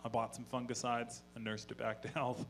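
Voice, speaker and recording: Deadpan man telling stand-up stories. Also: medium pitch, a little fast, soft background music. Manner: deadpan storytelling, profane asides. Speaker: stand-up comedian. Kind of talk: stand-up comedy set. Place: live comedy venue on stage.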